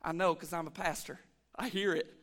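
A man preaching a lively church sermon as pastor, calling for amens and swinging between shouts and hushed asides. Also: on the high side, fairly quick. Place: church sanctuary.

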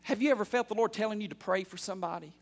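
A man in his thirties preaching a sermon as pastor, calling out for amens and building from quiet asides to fervent shouts. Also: sits high, very fast. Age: 30s. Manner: call-and-response preaching, building to loud fervor.

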